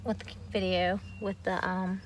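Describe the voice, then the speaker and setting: A woman's voice: medium pitch, little pitch movement, normal speed. Woman, casual vlogger; rambling, friendly garden walk-through shot on a phone outdoors, light outdoor noise behind. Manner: chatty, rambling, talks to kids and dog while filming. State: a little out of breath from walking. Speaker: homestead vlogger giving a garden tour. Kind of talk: casual walking garden tour. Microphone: phone camera held while walking.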